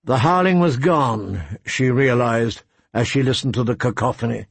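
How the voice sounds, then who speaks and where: A man's voice: mid-range voice, normal speed, creaky, slightly rough, no echo. Man reading a story aloud. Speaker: narrator. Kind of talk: audiobook reading.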